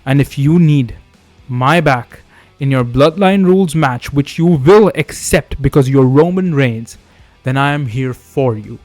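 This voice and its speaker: A man's voice: mid-range voice, a little slow, no room sound, soft background music, lightly acted. A man voicing an earnest male wrestler who offers forgiveness sincerely. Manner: soft-spoken, sincere.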